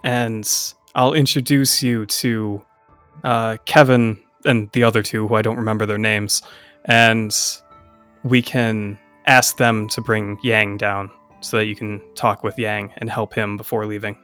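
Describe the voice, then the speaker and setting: A man's voice: on the low side, little pitch movement, unhurried, fairly bright tone, smooth, soft background music. A man playing a tabletop game, speaking in character in a friendly way and laughing often. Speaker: player. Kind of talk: in-character role-play.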